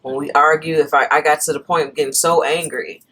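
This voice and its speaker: A woman's voice: low-pitched, brisk. A woman co-hosting a casual chat, telling a story with lots of laughter and pushing back when she is cut off. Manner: animated, laughing, talks back when interrupted. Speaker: podcast co-host.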